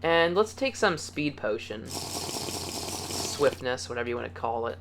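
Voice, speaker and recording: A man's voice: medium pitch, very animated, a little slow, creaky, background noise. A man hosting a casual video game building tutorial, upbeat and chatty, counting blocks aloud as he goes. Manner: upbeat and chatty, playful words, easygoing.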